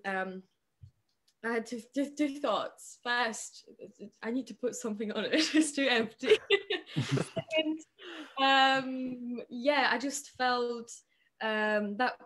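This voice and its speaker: A young woman from Poland with a Polish accent, chatting as a podcast guest, hesitant, with many pauses and restarts. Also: mid-range voice, a bit bright. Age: young adult. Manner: hesitant, many fillers and restarts, laughs often. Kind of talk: casual podcast chat.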